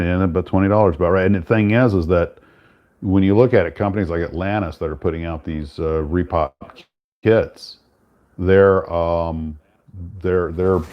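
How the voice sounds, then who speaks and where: Low-voiced man, rambling casual chat. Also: highs cut off. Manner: relaxed, rambling with many restarts. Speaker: host.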